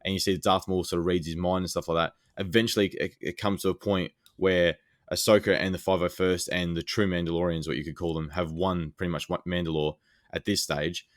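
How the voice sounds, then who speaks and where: A man's voice: sits low, fairly quick, dry recording, studio quality. A man co-hosting a podcast, eagerly retelling scenes in casual chat with lots of fillers. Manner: excited, rambling scene retelling with many fillers. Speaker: podcast co-host.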